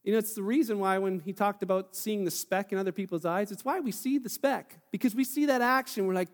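A man preaching a sermon as pastor, telling stories in a lively way and acting out the voices of the people in them. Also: sits high, fairly quick, hardly any pauses, big-room sound. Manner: animated storytelling, acting out quoted voices. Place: church hall.

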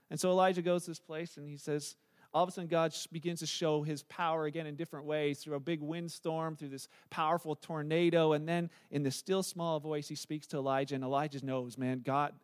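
A man in his thirties delivers a sermon, retelling a scripture story with animated energy and slipping into the voices of the people he quotes. His voice sits high for a man, bright and easy to follow. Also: a little fast. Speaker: pastor.

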